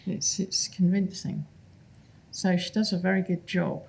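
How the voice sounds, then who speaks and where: A woman's voice: lowish voice, flat delivery, a little slow, gravelly, a little mellow, breathy edge. A woman moderating a live panel Q&A on a cinema stage, thoughtful and searching, with fillers.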